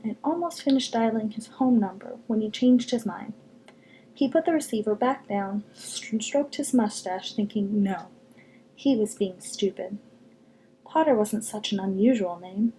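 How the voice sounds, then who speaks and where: Woman narrator, fairly high voice, expressive story reading with pauses. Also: a little hiss or hum, low-quality recording. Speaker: YouTuber reading aloud. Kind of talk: reading a novel aloud.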